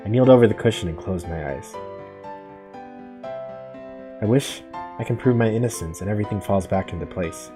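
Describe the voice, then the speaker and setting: A young man playing a horror game, reading the story aloud and cracking casual jokes between lines. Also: fairly low pitch. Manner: casual, joking asides between dramatic read-outs. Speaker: gamer. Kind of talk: let's play commentary, reading game text aloud.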